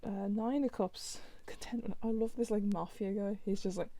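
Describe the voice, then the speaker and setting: A woman's voice: mid-range voice, fairly even intonation, moderate pace, warm tone. A woman casually flipping through a new tarot deck, naming each card and reacting with chatty remarks. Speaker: tarot reader reviewing a deck.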